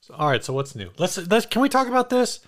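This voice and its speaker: Slightly high-voiced man co-hosting a podcast. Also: very animated, fast talker, fairly bright tone. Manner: playful, reading listener comments aloud. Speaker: podcast co-host. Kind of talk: casual chat.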